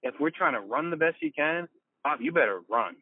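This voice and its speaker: A man's voice: a little high, fairly quick, husky, no room sound. Emphatic man on a tinny line. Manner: animated, emphatic, swears, acts out quotes. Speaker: podcast co-host, mentor. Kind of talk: casual coaching chat.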